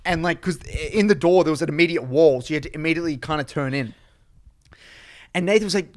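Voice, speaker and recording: A man spins a casual story on a podcast, his voice sitting a little high for a man. He rambles and pads his sentences with "like" as he talks it through. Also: fast. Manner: rambling, filler-heavy storytelling with frequent "like". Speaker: podcast co-host.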